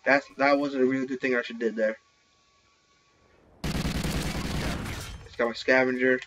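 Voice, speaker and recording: A young man giving excited live commentary while playing an online shooter, talking into a headset. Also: medium pitch, slow, noisy background. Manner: excitable, reacting loudly to kills. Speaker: gaming channel host. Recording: slightly dull lo-fi recording.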